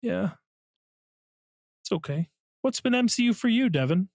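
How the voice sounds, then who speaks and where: A man's voice: sits high, lively intonation, moderate pace, creaky, darkish tone, no echo. A man co-hosting a podcast in casual chat, complaining sarcastically and swearing freely. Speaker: podcast co-host.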